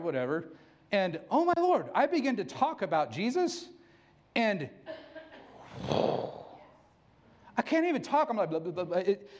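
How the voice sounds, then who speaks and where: A middle-aged man preaching a sermon, candid and self-mocking, laughing often. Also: high voice. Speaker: pastor.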